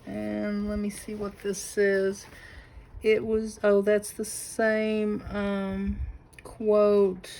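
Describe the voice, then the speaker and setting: A woman with a Southern US accent showing a crafted notebook to her camera at home, gushing with admiration and slipping into breathy asides. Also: medium pitch, completely flat delivery, extremely slow, a little mellow, a little hiss or hum, poor audio. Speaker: craft channel host. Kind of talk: casual unboxing show-and-tell.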